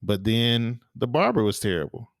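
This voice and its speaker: A man's voice: medium pitch, big pitch swings, normal speed, creaky, dry recording, clean studio sound. A man co-hosting a podcast, chatting casually and telling rambling stories with lots of fillers and restarts. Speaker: podcast co-host. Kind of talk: casual chat.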